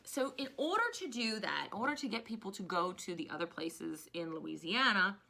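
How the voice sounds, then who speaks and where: Animated bright-voiced woman teacher. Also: medium pitch, normal speed, vocal fry. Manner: chatty, digresses into animated personal rants. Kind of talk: casual recorded history lecture.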